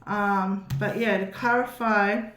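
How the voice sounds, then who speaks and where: A woman's voice: medium pitch, fairly even intonation, takes it slowly, reverberant, background noise. A woman reading tarot cards for her viewers in an upbeat, reassuring way, often checking in with "okay?". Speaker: tarot reader.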